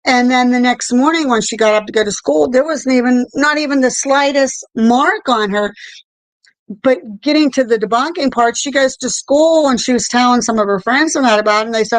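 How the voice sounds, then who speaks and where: A middle-aged woman with a fairly high voice tells a story in a lively, animated rush, with a sprinkle of swearing. The sound is dry and close. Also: moderate pace, no echo, poor audio. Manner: animated storytelling, swearing, repeated "I'm there like". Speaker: co-host. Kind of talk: casual chat about paranormal experiences.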